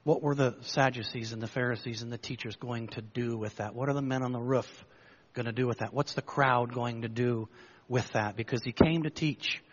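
Storytelling preacher man, husky. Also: mid-range voice, normal speed, dull audio. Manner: storytelling, lively, acts out the crowd's lines. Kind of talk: sermon.

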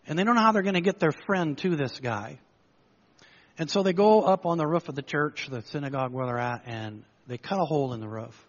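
Storytelling preacher man, husky. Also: on the high side, brisk, dull audio. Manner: storytelling, lively, acts out the crowd's lines. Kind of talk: sermon.

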